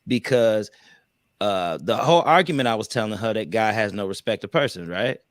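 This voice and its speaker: A man's voice: fairly low pitch, lively intonation, moderate pace, no room sound, clean studio sound. A man co-hosting a casual relationship panel discussion, emphatic and preachy, with loose vernacular speech. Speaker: podcast co-host.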